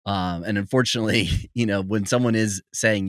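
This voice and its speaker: A man hosting a podcast conversation, measured and explanatory, laying out his reasoning step by step. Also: on the low side, no echo, clean studio sound. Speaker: podcast host.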